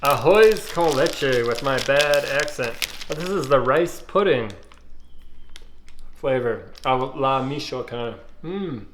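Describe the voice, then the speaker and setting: A man, casually reviewing ice pops and thinking aloud with fillers and pauses. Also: mid-range voice, fairly bright tone, a little hiss or hum. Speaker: food reviewer.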